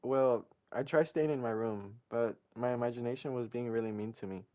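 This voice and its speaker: A man reading aloud the lines of a shy, sad teenage girl in love, in a soft, subdued voice. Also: medium pitch, fairly quick, lo-fi sound, lightly acted. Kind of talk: reading game dialogue aloud.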